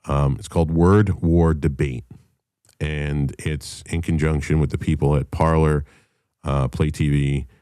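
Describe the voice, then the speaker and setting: Very deep-voiced, profane male host. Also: fairly even intonation, measured pace, dark tone, clean tone, dry recording, studio quality. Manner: heated, profane storytelling. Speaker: podcast host. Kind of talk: casual talk-show monologue.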